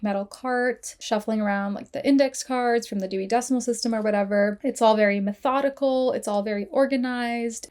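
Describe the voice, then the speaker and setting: A woman's voice: on the high side, darkish tone. A woman hosting a film review podcast, talking casually and chattily and filling her sentences with "like". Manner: chatty, peppered with "like", quick asides.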